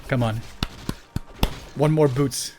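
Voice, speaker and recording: A man commentating a strategy game match solo, chatty and excitable, laughing often and rambling off-topic. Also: medium pitch, takes it slowly, slight background noise. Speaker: esports caster.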